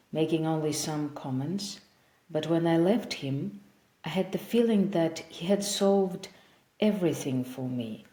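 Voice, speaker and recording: A woman voicing a sad, gentle male vampire, centuries old, who speaks in a soft, measured, wistful way. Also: low voice. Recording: roomy echo.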